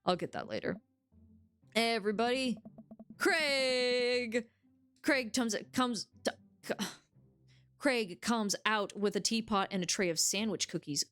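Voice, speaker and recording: Excitable swearing woman streamer. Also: fairly high pitch, slow pace, long pauses, dry recording. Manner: excitable, swears freely, reads all game dialogue aloud. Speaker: game streamer. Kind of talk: casual let's-play commentary.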